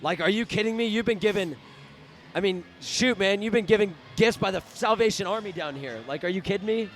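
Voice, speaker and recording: High, shouty young male commentator. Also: brisk, a little hiss or hum. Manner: excitable, often shouting in outrage at the referees. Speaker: student play-by-play commentator. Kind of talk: live basketball commentary. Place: high school gym.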